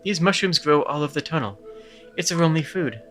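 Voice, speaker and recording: A man's voice: a little high, lively intonation, a little fast, fairly bright tone, soft background music. A man voicing a young male hero, reading game dialogue in a plain, matter-of-fact way close to his own voice. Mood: resigned.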